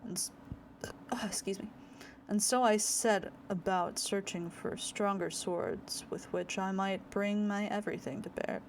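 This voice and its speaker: A woman voicing a proud, stern male samurai in a game, speaking slowly and formally. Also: mid-range voice, fairly even intonation, a little hiss or hum, close to an everyday voice. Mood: resolute.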